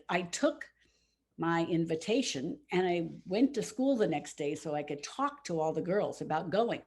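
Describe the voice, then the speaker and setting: A woman in her seventies tells a gentle, heartfelt story from her own life to a church congregation of all ages. Her voice is gravelly and a little husky, and it sits fairly low for a woman. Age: 70s. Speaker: congregation member telling a children's story.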